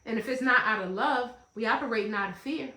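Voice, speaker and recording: Woman w/ doing a pep talk, bright crisp voice, pretty echoey room. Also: fairly high pitch, fast. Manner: emphatic and repetitive, with playful asides. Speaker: life coach hosting a self-help talk. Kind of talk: motivational talk.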